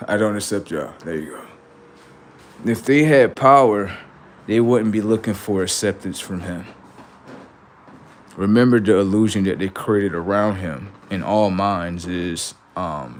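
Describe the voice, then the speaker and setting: A man's voice: low voice, slow, slight background noise. A man hosting a livestream in a rambling, slangy monologue, often murmuring asides to his viewers. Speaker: livestream host.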